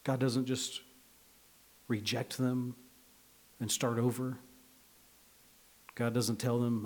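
A man preaching a conversational sermon as a pastor, earnest, moving between hushed, slow passages and emphatic, raised ones. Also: medium pitch, little pitch movement.

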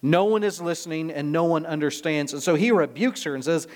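Here a man with a fairly high, somewhat mellow voice delivers a brisk sermon. He reads scripture aloud and explains the passage verse by verse, with emphatic expository force.

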